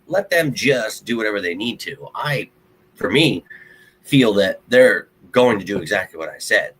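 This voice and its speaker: Husky, blunt male sports fan host. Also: medium pitch, sharp tone, rough recording. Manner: rambling, blunt, heated sports fan talk. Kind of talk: casual fan commentary to a live stream.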